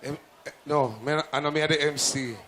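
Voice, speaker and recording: A man's voice: fairly high pitch, steady tone, a little fast, fairly bright tone. A man with a Jamaican accent working as a sound clash MC, bantering in rowdy patois. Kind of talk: hyping a live crowd.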